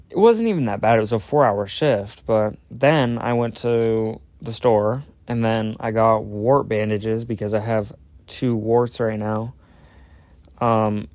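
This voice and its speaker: A man's voice: medium pitch, a little mellow, no echo. A young man hosting his own podcast, rambling in casual chat, swearing and cutting himself off mid-sentence. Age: young adult. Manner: rambling, sweary, self-interrupting. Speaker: podcast host.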